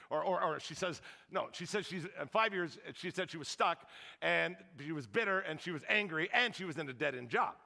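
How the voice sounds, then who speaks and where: A man preaching a sermon as a pastor, telling a story in an animated, joking way and acting out the lines of the people in it. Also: fairly high pitch, fairly quick, creaky. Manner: animated, joking, acts out quotes. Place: church hall. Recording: long reverb of a large hall.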